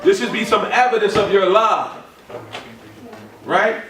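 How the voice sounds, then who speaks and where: A man preaching a sermon, repeating his points with emphasis and building up to shouts. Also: sits high, unhurried. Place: church or ministry hall. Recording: echoey room from a distant mic.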